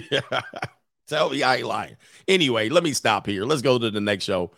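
A man hosting a casual commentary stream, brash and joking, talking over clips he pulls up. His pitch swings widely as he riffs, and the sound is close and dry. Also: animated, normal speed, gravelly, fairly bright tone, no room sound. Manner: brash, joking, laughs often.

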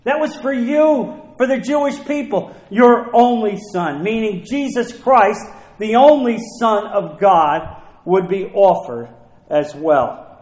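A man preaching a sermon as pastor, emphatic, repeating key phrases and slowing down to read scripture aloud. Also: high voice, animated, a little mellow, echoey room, rough recording.

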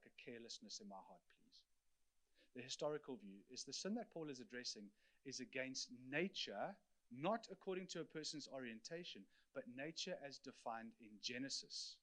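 A man's voice: medium pitch, a bit bright. A man preaching an earnest teaching sermon, explaining scripture and speaking directly to his congregation.

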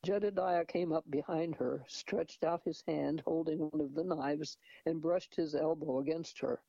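A man's voice: on the high side, fairly even intonation, measured pace, vocal fry, mellow, no room sound. A man reading a novel aloud in a hesitant manner, with restarts and asides. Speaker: reader. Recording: dull lo-fi recording.

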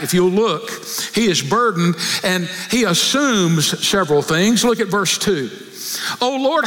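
A man preaching a sermon, acting out prayers and rising to near shouts. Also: high-pitched, big-room sound.

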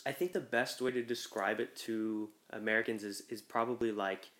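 A man talking as a guest on a podcast, telling things in a relaxed, amused way. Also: on the low side, normal speed. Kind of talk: casual chat.

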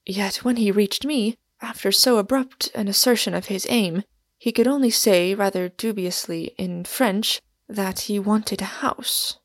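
A woman reading a story aloud as an audiobook narrator, in a measured, steady manner. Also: medium pitch, dry recording, studio quality. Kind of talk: scripted narration.

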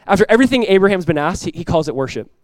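A male pastor delivers an animated sermon, moving between fast asides and acted-out voices from the story. His voice sits a little high for a man. The sound is dry and close, with little room around it. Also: no room sound. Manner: animated preaching, acts out quoted voices, laughs. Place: church.

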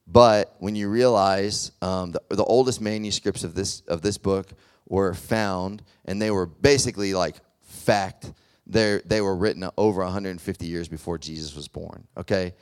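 Deep-voiced man preaching casually. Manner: conversational, rambling with many fillers. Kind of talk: casual sermon.

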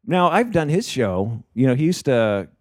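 A male comedian telling a story in casual chat, animated and swearing freely as he acts out what people said. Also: mid-range voice, normal speed. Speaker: comedian podcast host.

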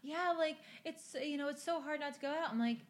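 A woman co-hosting a podcast who chats casually and reacts with quick comments. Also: high-pitched. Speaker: podcast co-host. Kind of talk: casual chat.

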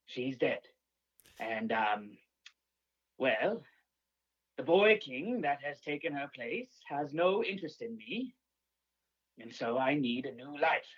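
Guy playing a stuffy british-ish royal herald calling in, slow and breathy, dull muffled line. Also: medium pitch, very animated, a bit bright, heavily acted. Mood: pompous. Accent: put-on British-sounding. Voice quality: stuffy, halting, over-formal. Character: pompous male royal herald, befuddled. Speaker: caller. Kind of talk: improvised comedy call-in.

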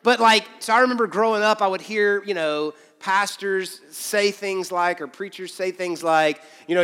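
High-voiced man preaching in an echoey hall. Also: normal speed, hardly any pauses, bright, forceful tone, smooth. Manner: conversational preaching with humor and quoted voices. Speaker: pastor. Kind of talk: sermon.

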